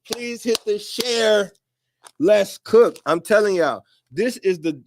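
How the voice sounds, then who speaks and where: A man speaking in a profane, preachy monologue to his viewers, often rising into shouts. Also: high voice. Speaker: commentator. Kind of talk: animated monologue to camera.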